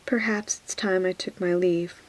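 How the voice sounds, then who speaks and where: A woman voicing a sardonic, witty dwarf nobleman in a soft whispered role-play, dry and mocking. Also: on the low side, fairly even intonation, a little slow, lightly acted, poor audio.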